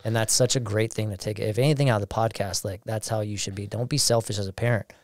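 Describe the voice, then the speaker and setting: A man's voice: lowish voice, steady tone, quick pace, no echo, clean studio sound. A man hosting a podcast, reacting to his guest's story in casual chat and chiming in often. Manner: affirming, chimes in often. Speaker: podcast host.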